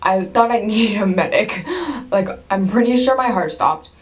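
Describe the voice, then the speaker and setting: A young woman with a mid-range voice and moderate pace vlogs at home, telling an excited story to camera. She's breathless and gushing, with bursts of laughter and sudden whispers.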